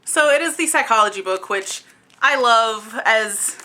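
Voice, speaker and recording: A young woman with a bright, fairly high voice, talking in a chatty, excitable way with plenty of fillers as she walks through a book tag. She sounds like she's speaking to a camera at home. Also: a little slow. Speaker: book vlogger. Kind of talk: casual book tag video.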